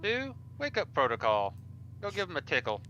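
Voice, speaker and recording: A man's voice: on the high side, huge pitch swings, moderate pace, highs cut off, very noisy. A man playing a tabletop game in casual chat. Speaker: player.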